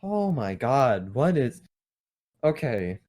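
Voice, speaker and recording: A man co-hosting a podcast in casual chat, excitable and swearing freely. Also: mid-range voice, slow pace. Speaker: podcast co-host.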